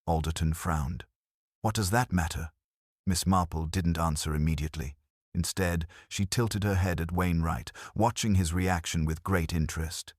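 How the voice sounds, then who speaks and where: A man with a very deep voice reads a scripted mystery story in a measured, even manner. The sound is dry and close, with no room in it. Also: dry recording. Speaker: narrator.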